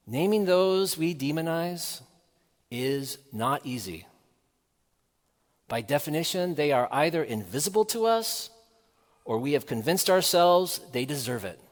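A man preaching a sermon in a measured, earnest way, asking the listeners rhetorical questions. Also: a little high, animated, long reverb tail.

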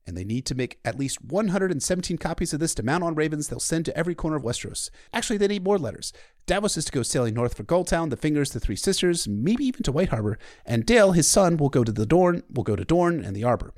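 A man's voice: fairly high pitch, sing-song, fast, darkish tone, dry recording, studio quality. A man voicing a stern, grim middle-aged king, speaking in a clipped, severe way through a clenched jaw. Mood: commanding.

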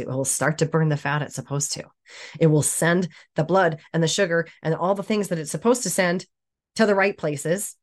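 A woman with a somewhat low voice delivers a motivational monologue straight to the listener. She talks bluntly and casually, swearing freely and laughing often.

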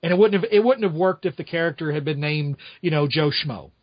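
A man's voice: fairly high pitch, brisk, dry recording, highs cut off. A man casually talking through his opinions on a stage show, rambling with frequent restarts and asides. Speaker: podcast host reviewing a musical. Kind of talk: casual chat.

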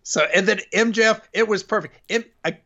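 A man co-hosting a wrestling podcast, recapping a match in an excitable, animated casual chat. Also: sits high, fairly quick. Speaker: podcast co-host. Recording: dull lo-fi sound.

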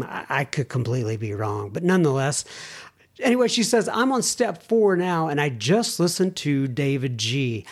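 Male podcast host, reads listener mail, conversational with chatty asides. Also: fairly high pitch. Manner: reads letters aloud with asides and self-corrections. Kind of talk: casual podcast talk.

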